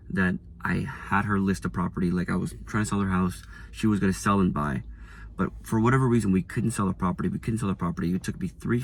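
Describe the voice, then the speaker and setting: A man's voice: deep voice, slight background noise. A young man, a real estate agent, telling a candid, self-deprecating story about hard times. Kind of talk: storytelling vlog.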